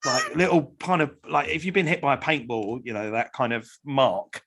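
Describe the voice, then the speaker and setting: A man chatting casually on a podcast, expressive and loose, swearing now and then. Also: mid-range voice, normal speed, a little hiss or hum. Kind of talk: casual chat.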